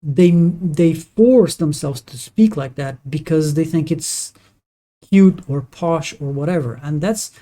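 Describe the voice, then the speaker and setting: A warm, mid-range voice belongs to a native Portuguese speaker chatting casually as he streams a game live. His opinions come out haltingly, with lots of restarts.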